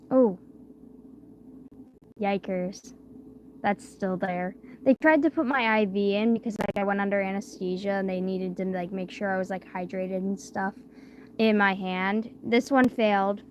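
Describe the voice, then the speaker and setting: Her mid-range voice stays steady and unhurried, broken by long pauses, with slight background noise in the recording. She's a young woman chatting casually on a livestream late at night, mouth barely open after wisdom teeth surgery. The talk is rambling and filler-heavy, and she drifts quiet.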